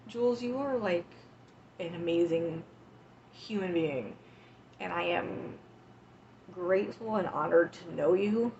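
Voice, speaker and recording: A woman's voice: fairly low pitch, slow pace, vocal fry, pauses often, darkish tone, highs cut off, slight background noise. Woman in her forties, tearful livestream sign-off. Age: 40s. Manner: tearful and affectionate, talking to chat. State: emotional, close to tears. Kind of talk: casual livestream chat.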